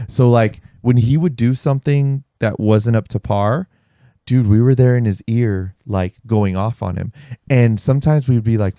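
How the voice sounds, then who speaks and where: A podcast host with a lowish voice tells stories in casual chat, recorded in a studio with no echo. He's animated, curses liberally, and performs the quotes he relates.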